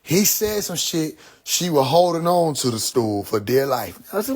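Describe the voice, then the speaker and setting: Young man, husky voice, lively up-and-down delivery, laughing, profane, casual storytelling. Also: high-pitched, measured pace. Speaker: streamer.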